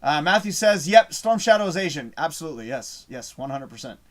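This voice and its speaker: A man's voice: a little high, sing-song, fairly quick. Rambling, swearing male live-stream host. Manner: rambling, swears often, loses his train of thought. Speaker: live show host reading chat. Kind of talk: casual live-stream chat.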